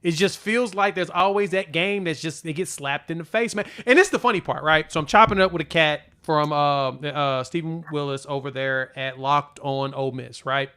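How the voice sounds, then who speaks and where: A man co-hosting a sports podcast, telling stories and joking in an animated way. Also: on the high side, normal speed, few pauses, smooth. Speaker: podcast co-host. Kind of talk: casual sports chat.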